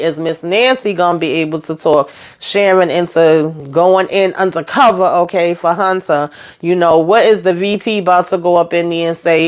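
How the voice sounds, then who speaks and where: A woman vlogger recaps a TV episode in a chatty, slangy way. She talks straight to her viewers and acts out what the characters said. Her voice sits a bit low for a woman. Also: smooth. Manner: animated retelling, acting out dialogue, frequent laughs; slangy, addresses viewers directly.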